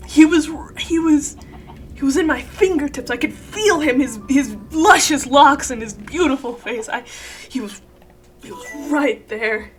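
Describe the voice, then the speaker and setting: A woman streamer chatting live over a game, dramatic and swinging from low mumbles to shrieking outbursts. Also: measured pace. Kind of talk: live gaming stream chat.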